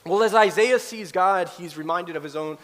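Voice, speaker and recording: A man preaches a sermon in a high, lively voice, animated as he acts out quoted voices. The sound carries a long reverb trail from a large church hall. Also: moderate pace. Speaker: pastor.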